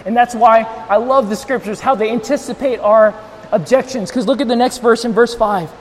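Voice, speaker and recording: A male pastor preaching a sermon, switching between loud, near-shouted emphasis and softer, tender passages while straining his voice without a monitor. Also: very high-pitched, steady tone, fast, long reverb tail.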